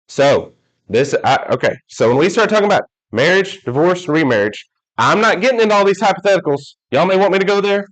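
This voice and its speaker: A man's voice: on the high side, expressive, fairly quick, poor audio. Joking man preaching a sermon. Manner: joking, storytelling, acts out quoted people. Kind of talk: casual sermon. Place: church hall.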